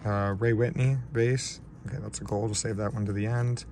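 A man hosting a casual card-opening vlog, talking in a slow, low-key way and getting shaky and overwhelmed with excitement. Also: a little hiss or hum. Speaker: card-breaking channel host.

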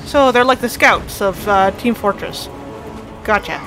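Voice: medium pitch, a little slow. A player chatting casually during a game, laughing often and teasing their partner, with game music behind. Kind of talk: casual gameplay chat.

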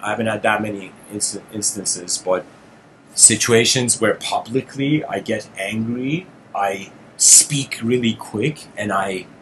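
A man hosting his channel, telling a personal story in an animated monologue, addressing listeners as "guys" and getting heated and intense. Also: on the low side, takes it slowly, a little hiss or hum. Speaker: channel host giving a lecture.

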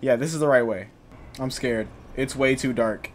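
A young man narrating his own gameplay, joking around and shouting when he gets startled. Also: mid-range voice, moderate pace, a little hiss or hum. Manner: jokey, excitable, yells when startled. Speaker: gaming YouTuber. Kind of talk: let's play commentary.

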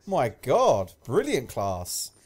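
A young man commentating live gameplay, swearing often and yelling at kills and deaths, with a slight cough. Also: mid-range voice, slow, breathy edge. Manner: excitable, swears a lot, shouts at game events. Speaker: gaming commentator.

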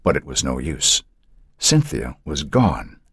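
A man narrating a horror novel in a measured, dramatic way. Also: a bass voice, huge pitch swings, fairly bright tone, breathy edge, no room sound, clean studio sound. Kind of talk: audiobook narration.

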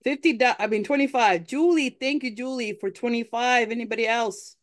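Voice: medium pitch, a little fast. An event host running a live fundraising appeal at a town hall, upbeat, coaxing and chatty.

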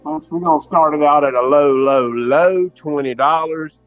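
A man's voice: a little high, moderate pace. A man running a live online auction, folksy and repetitive, hyping each item and urging bids. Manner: repetitive, folksy hype, says y'all. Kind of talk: live auction sales pitch. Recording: dull lo-fi audio with faint music.

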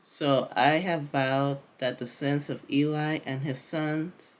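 Woman doing God: stern, grave, slow. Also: low voice, steady tone, slight background noise. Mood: solemn. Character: God speaking, solemn and stern.

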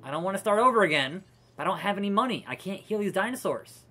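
Bright-voiced ranting male streamer. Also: high-pitched, expressive, fast. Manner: profane, exasperated ranting with restarts. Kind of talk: casual gameplay commentary.

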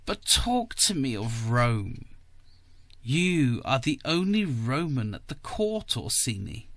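A man voicing an aged, ailing noblewoman who speaks slowly in a thin, wailing whisper, cunning and eerie, in a story reading. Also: mid-range voice, big pitch swings, a bit bright, dry recording, exaggerated voice. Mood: pleading. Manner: slow, drawn-out and insinuating.

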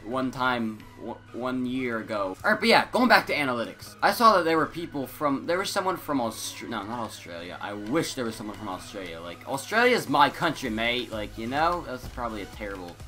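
A teenage boy rambling through casual gaming commentary, scattered and self-interrupting, excitable, on a headset mic. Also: medium pitch, brisk, few pauses, soft background music. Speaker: gaming YouTuber.

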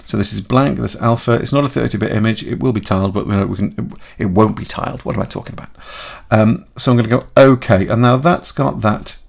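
A man talking through a software tutorial in a chatty way, thinking aloud and correcting himself as he goes. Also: on the low side, brisk, creaky. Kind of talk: screen-recorded software tutorial.

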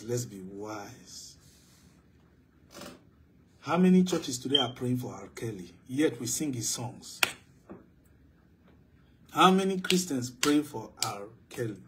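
A man preaching a sermon as pastor, swinging between loud, emphatic declarations and low, quiet asides. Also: big pitch swings, slow pace, long pauses, background noise.

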